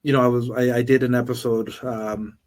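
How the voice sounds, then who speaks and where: A man's voice: medium pitch, level tone, brisk, darkish tone. A man hosting a podcast, chatting in an affirming, reflective way with frequent ums and restarts. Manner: affirming, reflective, hesitant with fillers. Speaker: podcast host. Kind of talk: casual interview chat.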